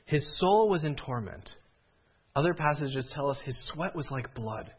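A man's voice: fairly high pitch, lively intonation, a little slow, breathy edge, dull audio. A man preaching a sermon as pastor, earnest and rising to pleading cries.

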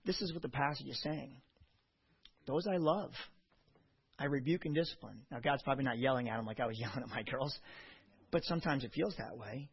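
A middle-aged man preaching a sermon, telling personal stories passionately and swinging from quiet reflection to loud emphasis. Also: mid-range voice, fairly quick, gravelly, long pauses, husky. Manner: anecdotal storytelling. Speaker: pastor. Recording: dull lo-fi recording.

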